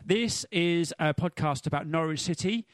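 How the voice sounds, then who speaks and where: A man's voice: a little high, normal speed, clean tone, no room sound. A man co-hosting a casual football podcast, joking and bantering playfully. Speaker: podcast co-host. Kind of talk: casual chat.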